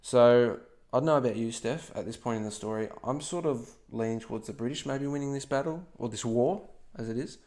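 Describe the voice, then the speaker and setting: Speaking a little fast with hardly any pauses, a man with a medium-pitched, slightly mellow voice co-hosts a history podcast. He narrates playfully, scattering jokey asides and saying "okay?" often.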